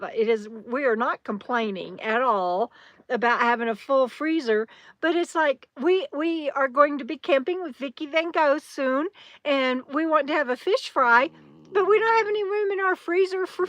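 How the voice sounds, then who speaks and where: A woman's voice: high voice, a bit bright, dry recording. A woman hosting a casual livestream from a campground, chatting and reading viewer comments aloud. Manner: chatty, reads viewer comments aloud, talks to her dog. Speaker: livestream host. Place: camper at a campground. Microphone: phone on a tripod.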